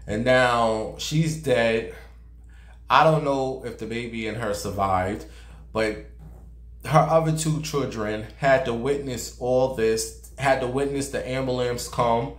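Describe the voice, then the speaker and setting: A man giving sassy, profane gossip commentary and dramatic storytelling as a vlogger. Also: mid-range voice. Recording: roomy echo.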